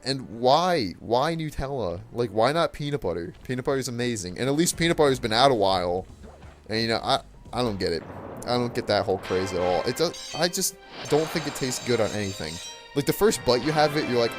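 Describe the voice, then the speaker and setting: A man's voice: medium pitch, animated, fairly quick, over music. Rambling puzzled teenage guy. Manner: rambling, many fillers and restarts, puzzled tone. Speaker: gaming channel host. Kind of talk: casual rant over gameplay.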